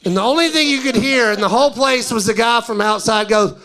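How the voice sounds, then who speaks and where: A stand-up comedian, a man, telling a story to a live audience. His voice sits high, and he talks in a chatty, animated way, acting out each line of dialogue. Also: brisk, gravelly.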